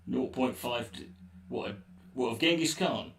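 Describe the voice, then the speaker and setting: A man's voice: mid-range voice, measured pace, vocal fry, fairly bright tone. A man ranting sarcastically and swearing freely while answering a live stream chat. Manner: profane, sarcastic, rambling. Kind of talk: casual live-stream rant. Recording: roomy echo, distant mic, faint noise.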